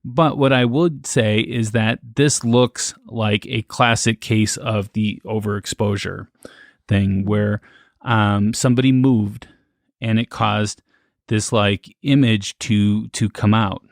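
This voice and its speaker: A man's voice: on the low side, fairly even intonation, slow pace, no echo, clean studio sound. A man co-hosting a casual podcast, skeptical and hedging as he thinks aloud with plenty of fillers. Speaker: podcast co-host.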